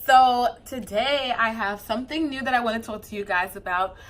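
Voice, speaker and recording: A young woman vlogging as a new mom, chatting casually to camera with a loose, animated flow and many fillers. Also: fairly high pitch, moderate pace.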